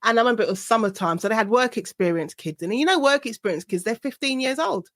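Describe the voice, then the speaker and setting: A woman's voice: on the high side, fast, dry recording, studio quality. A woman hosting a podcast, chatting casually and telling stories with frequent laughter. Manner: animated, laughs often while telling anecdotes. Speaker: podcast host. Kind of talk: casual interview chat.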